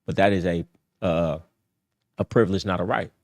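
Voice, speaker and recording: Gravelly middle-aged guy on a livestream, low voice, blunt and profane, keeps repeating himself. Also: steady tone, moderate pace, a little mellow. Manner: blunt, profane, repetitive streetwise preaching. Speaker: dating advice host. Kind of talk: casual livestream monologue.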